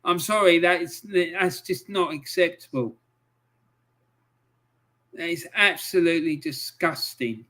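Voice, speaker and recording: Angry sweary football streamer. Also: male voice, a little high, takes it slowly, long pauses. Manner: frustrated, swears often, angry outbursts between calm play-by-play. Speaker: live match commentator. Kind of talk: live-stream match commentary.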